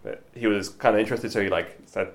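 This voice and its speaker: A man's voice: lowish voice, steady tone, quick pace. A man co-hosting a casual podcast, chatting enthusiastically with lots of filler words. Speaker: podcast co-host. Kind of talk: casual chat.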